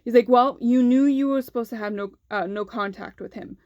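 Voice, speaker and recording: A woman's voice: a little high, brisk, a little mellow, no room sound, highs cut off. A young woman vlogger telling a personal story in a candid, casual way, swearing freely and saying "like" often.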